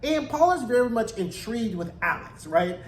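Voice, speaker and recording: A man's voice: very high-pitched, big pitch swings, normal speed. A man giving a sassy, slangy, gossipy recap of a TV episode. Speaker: TV recap vlogger. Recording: roomy echo, faint background noise.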